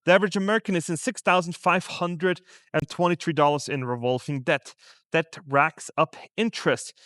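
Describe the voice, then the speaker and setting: Outside a store in a shopping district, a man vlogs about money at a moderate pace, chatting easily to the camera in a voice slightly high for a man. He repeatedly poses rhetorical questions, and the recording is close and dry, free of room echo.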